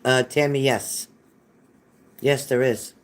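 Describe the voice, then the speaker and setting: A man's voice: mid-range voice, fairly even intonation, slow. Folksy man doing live psychic readings. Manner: reassuring, folksy, repeats phrases, calls viewers honey. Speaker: psychic reader. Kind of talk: live-stream reading chat.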